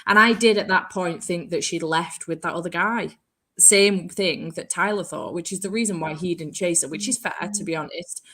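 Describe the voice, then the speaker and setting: A woman's voice: on the low side, normal speed, a bit bright. A woman co-hosting a casual book club chat, frank and chatty, swearing casually.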